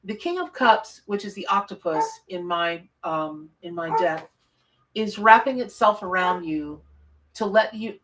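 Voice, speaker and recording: A woman's voice: fairly low pitch, lively intonation, measured pace, fairly bright tone, recorded from a distance. A woman, live-streaming a tarot reading from her home office, chatty and effusive as she greets viewers. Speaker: tarot reader on a livestream.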